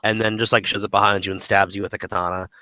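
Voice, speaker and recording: A man talks games on a podcast in a bright, forward voice, recorded dry and close. His speech rambles with lots of fillers and animated swings. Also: lowish voice, fast, no room sound, rough recording. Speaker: podcast co-host. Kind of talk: casual gaming podcast chat.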